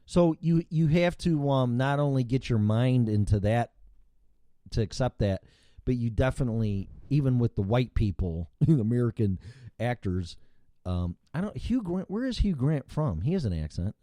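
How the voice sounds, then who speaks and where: A man's voice: mid-range voice, animated, moderate pace, mellow, no echo, clean studio sound. A man hosting a casual chat show, rambling and swearing freely, with frequent restarts. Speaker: show host.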